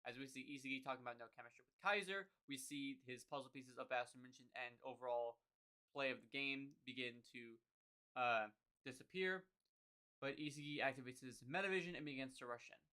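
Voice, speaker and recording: Bright-voiced man recapping a comic. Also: mid-range voice, fairly quick, smooth. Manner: recaps panel by panel, thinking aloud with fillers. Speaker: podcast co-host. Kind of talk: casual manga chapter recap. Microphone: podcast mic.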